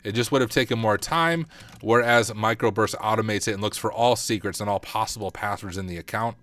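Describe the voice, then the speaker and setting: A cybersecurity streamer walks through a hack casually, thinking aloud, teasing himself and muttering as he types. His voice is lowish, brisk and a bit bright.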